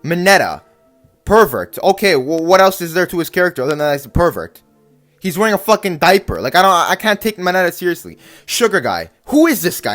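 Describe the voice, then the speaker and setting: Heated, swearing man ranting, animated. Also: sits high, brisk, soft background music. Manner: profane, heated, stammering. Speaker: anime commentator. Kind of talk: profane ranting commentary.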